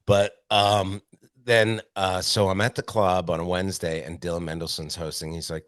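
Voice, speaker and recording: Deep-voiced man telling profane stories. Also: moderate pace, no room sound, clean studio sound. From Canada. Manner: profane, animated anecdotes with quoted voices. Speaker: stand-up comedian guest. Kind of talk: casual storytelling interview.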